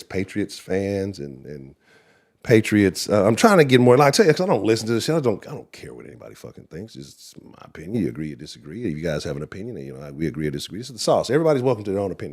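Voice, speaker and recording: A man with a Texan accent hosting a live sports talk stream, rambling and profane, laughing often and talking to the chat. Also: on the low side. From Texas. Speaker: sports show host.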